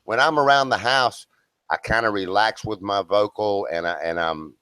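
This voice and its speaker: Low-voiced Southern man, casual drawl. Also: moderate pace, clear, resonant tone, dry recording, low-quality recording. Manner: relaxed drawl, many fillers like "you know". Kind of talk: casual chat.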